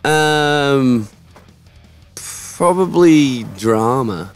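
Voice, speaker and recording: A man's voice: mid-range voice, lively intonation, very slow, faint music behind. Laid-back man at a festival. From Sheffield, England. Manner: laid-back, hesitant with many fillers. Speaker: band member guest. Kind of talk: casual interview chat. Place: festival backstage.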